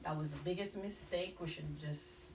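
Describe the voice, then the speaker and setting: A young woman with a slightly lowered voice talks straight to her viewers in a personal vlog. She is frank and animated, leaning into her points as she goes. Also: moderate pace, background noise. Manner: frank, animated, mimics others in quoted asides. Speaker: vlogger. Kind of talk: candid personal vlog talk.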